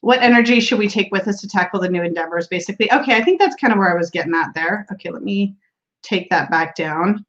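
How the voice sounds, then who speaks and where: A woman with a medium-pitched, slightly bright voice talks quickly while hosting a casual tarot livestream, chatting and laughing as she reads viewer comments aloud. She's on a streaming setup mic, and the stream audio sounds dull and lo-fi.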